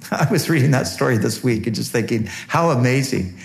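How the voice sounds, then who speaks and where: A man's voice: on the low side, normal speed, gravelly. A man teaching through a Bible passage in a conversational way, reading verses and explaining them with frequent fillers and repeated words.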